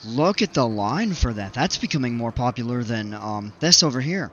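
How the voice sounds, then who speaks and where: A man giving casual commentary while playing a building game, thinking aloud with fillers, his voice a little hoarse. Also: mid-range voice, lively intonation, moderate pace, a bit bright, highs cut off, slight background noise. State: slightly hoarse, regaining voice. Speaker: gaming video creator.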